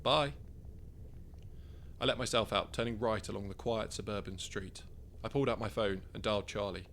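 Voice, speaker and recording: A man reads his own first-person story aloud in a wry, conversational manner. His voice is low and gravelly. A faint hum sits in the background. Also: fairly even intonation, fast talker, fairly bright tone. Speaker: author narrating his story.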